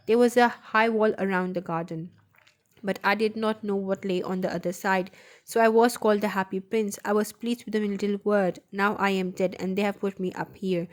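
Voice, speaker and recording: A woman reading the lines of a sorrowful young prince statue in a storybook, gentle and pleading. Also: medium pitch, steady tone, moderate pace, close to an everyday voice.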